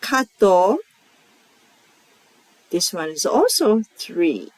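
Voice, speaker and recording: A woman with a Japanese accent teaching pronunciation, repeating each example word slowly and carefully. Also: mid-range voice, sing-song, dry recording, poor audio. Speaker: language teacher. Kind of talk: slow, clear pronunciation lesson.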